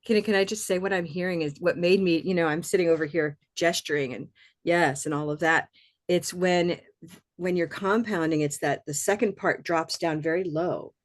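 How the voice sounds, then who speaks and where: A woman on a video call explaining what she hears in the stress patterns, in a lively way. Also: on the low side, moderate pace.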